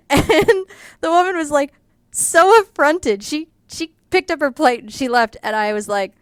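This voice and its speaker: A woman's voice: on the high side, normal speed, clear, resonant tone, dry recording, clean studio sound. An American woman telling a rambling story casually, with lots of fillers. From United States. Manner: chatty, rambling with many fillers, laughs through the telling. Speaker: artist vlogger.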